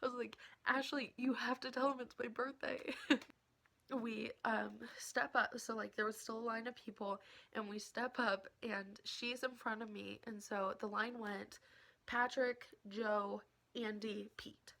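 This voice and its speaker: A young woman telling an excited story in a casual vlog, laughing often and dropping into whispers. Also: medium pitch, a little slow, creaky. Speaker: vlogger.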